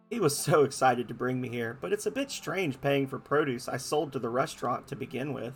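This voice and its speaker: A man runs a game playthrough, voicing all the lines in playful character voices and adding self-mocking asides. He is animated and brisk with few pauses, medium in pitch, over soft background music.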